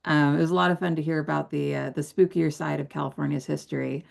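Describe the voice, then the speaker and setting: A woman with a very low voice hosts a webinar over a video call. Her tone is heavily gravelly with vocal fry, and she wraps things up in a friendly way, dotting her speech with uhs. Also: fairly even intonation, fast. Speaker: webinar host. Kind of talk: hosting a webinar wrap-up.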